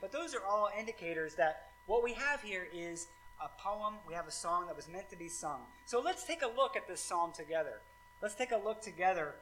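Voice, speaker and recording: Man, pastor, sermon, high voice, casual conversational delivery, faint background hum. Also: animated, brisk, a bit bright, poor audio. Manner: casual and conversational, many fillers like "like" and "right".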